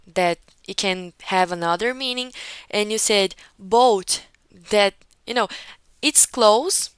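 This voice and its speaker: A woman's voice: mid-range voice, takes it slowly, fairly bright tone, clear, resonant tone, dry recording, rough recording. A woman teaching an English conversation class over a video call, patiently correcting a student and often checking in with "okay?". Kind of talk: one-on-one online class feedback.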